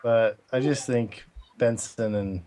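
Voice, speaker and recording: A man guesting on a casual gaming stream, relaxed and a bit hesitant. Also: mid-range voice, takes it slowly, crowd noise.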